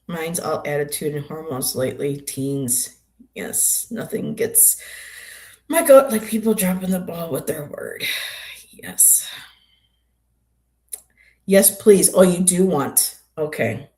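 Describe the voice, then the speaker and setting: A woman's voice: sits low, expressive, unhurried, mellow. An older woman hosting a tarot livestream, chatting casually and greeting viewers by name.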